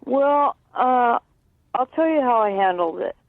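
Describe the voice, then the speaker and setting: A woman's voice: a little high, expressive, vocal fry, dry recording. Woman talking over a tinny phone line. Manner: earnest, halting with many fillers, tag questions. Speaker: guest, sister of a late musician. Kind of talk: candid interview over the phone.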